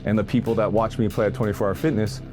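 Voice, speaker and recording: Middle-aged male artist-host, animated motivational riffing, jumps into loud bursts, clear music bed underneath. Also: fairly low pitch, quick pace. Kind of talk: energetic motivational monologue.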